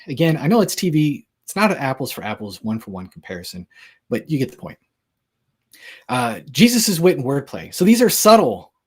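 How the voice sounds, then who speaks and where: Male speaker, husky edge, relaxed lecture style, chatty and joking, lots of fillers. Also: mid-range voice. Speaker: Christian apologetics speaker. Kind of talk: casual lecture.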